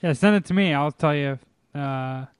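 A man co-hosting a podcast with crude, teasing banter. His voice is smooth and resonant, pitched a little high, and recorded dry and up close. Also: normal speed, dry recording. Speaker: podcast co-host. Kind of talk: casual chat.

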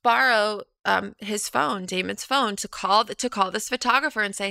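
A woman's voice: mid-range voice, moderate pace, gravelly, sharp tone, dry recording, studio quality. A young woman telling a personal story as a guest in a casual chat. She laughs often and acts out what people said.

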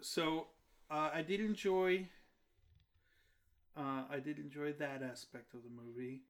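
A man with a fairly high voice co-hosts a relaxed movie podcast. He talks in an easygoing, halting way, often pausing with fillers as he sorts out his thoughts. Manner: easygoing, hesitant, full of fillers. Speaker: podcast co-host. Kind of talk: casual movie review chat.

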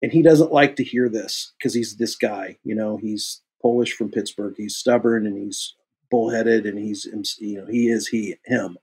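A husky-voiced man from Kansas City tells long, animated stories as a guest in a casual interview. He acts out both sides of each exchange and his voice jumps high as he plays them. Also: moderate pace. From Kansas City, USA. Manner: animated storyteller who acts out both sides of dialogues, jumping high in pitch. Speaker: guest actor.

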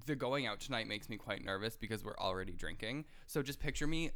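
A man's voice: lowish voice, expressive, fairly quick, fairly bright tone. A man in his twenties co-hosting a podcast in casual banter, his voice strained from a sore throat, rambling and giggly. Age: 20s. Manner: rambling, giggly, self-deprecating. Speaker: podcast co-host.

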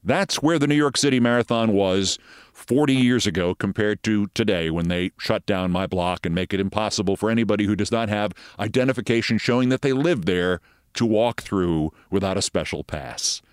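A man's voice: lowish voice, normal speed, clear, resonant tone, no room sound, studio quality. A man in his sixties hosting a show, telling wry, conversational anecdotes. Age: 60s. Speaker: host. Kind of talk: monologue storytelling.

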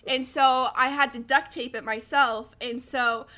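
A young woman in her twenties chatting casually, telling lively stories with laughs and quoted voices. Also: high-pitched, a little slow. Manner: animated storytelling with laughter and acted quotes. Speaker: guest storyteller. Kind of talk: casual chat.

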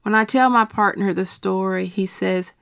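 A middle-aged woman reading her personal essay aloud in a quiet, measured, steady way. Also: medium pitch, gravelly, clear, resonant tone, no echo, clean studio sound.

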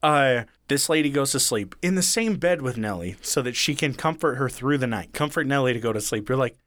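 A man's voice: mid-range voice, lively intonation, brisk, a bit bright, dry recording, clean studio sound. A man retelling a story in casual, profane chat, acting out the lines of the people in it. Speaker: podcast co-host retelling a true story.

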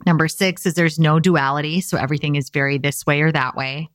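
A woman's voice: low voice, steady tone, brisk, dry recording, clean studio sound. A young woman talking earnestly and casually, encouraging listeners in a motivational self-help talk.

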